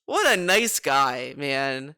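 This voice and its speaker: A man's voice: medium pitch, sing-song, takes it slowly, sharp tone, clear, resonant tone, no room sound, studio quality. A man giving casual, sarcastic reaction commentary, rambling and repeating himself as he argues. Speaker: streamer reacting to a video.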